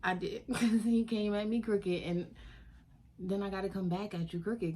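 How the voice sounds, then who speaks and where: A woman telling a casual storytime vlog, animated and sassy, laughing often. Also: mid-range voice, normal speed. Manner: animated, sassy, laughing often, African American Vernacular English slang.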